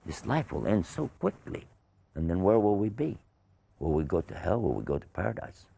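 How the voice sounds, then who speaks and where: A tender-hearted boy weeps as he explains himself, voiced by a man reading a children's story. The voice is low and rough with fry, soft and pleading. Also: sing-song, normal speed, dry recording, exaggerated voice. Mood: tearful, earnest. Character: tender-hearted young boy prophet, weeping.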